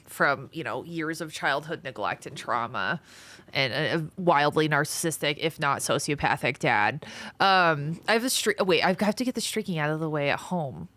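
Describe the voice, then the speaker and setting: A young woman streams and chats casually with her viewers in a deep voice. She thanks her supporters and answers the chat with animated exclamations.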